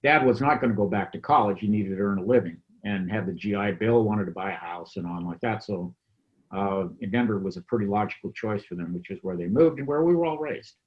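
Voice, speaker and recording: A man's voice: lowish voice, brisk. A man in his seventies from the United States, recalling his family's past in an oral history interview, in a rambling, reflective way. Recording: dull lo-fi sound.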